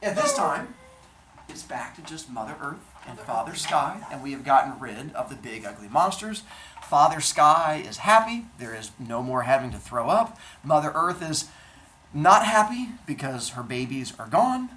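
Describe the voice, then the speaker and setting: A woman teacher telling myths to a class in animated, jokey comic storytelling with chatty asides. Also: low voice, moderate pace, roomy sound, slight background noise, low-quality recording.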